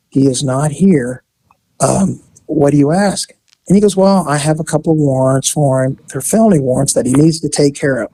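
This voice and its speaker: A man and former police officer, telling a story in a casual, animated way and acting out the voices in it. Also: a little high, no room sound. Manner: animated, acts out voices in his stories.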